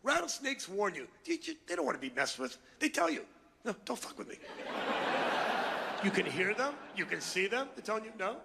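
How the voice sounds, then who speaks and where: A man in his sixties doing a loud, ranting, insulting stand-up comedy routine on a club stage. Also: high voice, big pitch swings, brisk, vocal fry, few pauses, a little hiss or hum.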